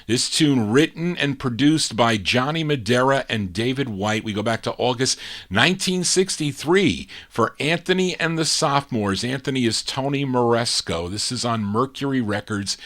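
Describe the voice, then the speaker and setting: A man hosting a live oldies record show, introducing each song with an unhurried, chatty history and dedications. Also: medium pitch, lively intonation, fairly bright tone. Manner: unhurried, conversational, laughs off his own misreading. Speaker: radio host and record DJ.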